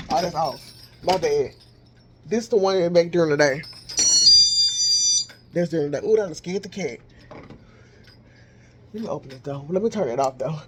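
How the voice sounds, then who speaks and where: High-voiced man rambling in his kitchen. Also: noisy background. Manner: rambling, thinking out loud. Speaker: vlogger. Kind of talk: casual chat while cooking. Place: home kitchen. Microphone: handheld phone.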